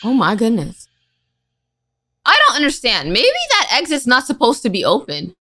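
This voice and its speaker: A young woman giving casual, excitable commentary as she plays a game, full of exclamations and slang. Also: fairly high pitch, moderate pace. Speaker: gaming YouTuber. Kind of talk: casual let's-play commentary.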